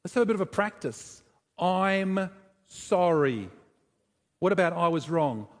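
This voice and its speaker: A man preaching a sermon, conversational and lively, asking the congregation questions and joking with them. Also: fairly high pitch, fast talker. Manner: animated, conversational, addresses congregation with questions and humor. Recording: long reverb of a large hall.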